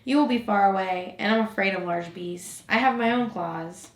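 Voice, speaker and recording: A woman's voice: medium pitch, moderate pace, natural voice. A woman voicing a proud, fragile female flower in a storybook reading, speaking tenderly and pleadingly. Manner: tender, pleading, gently scolding. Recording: roomy echo.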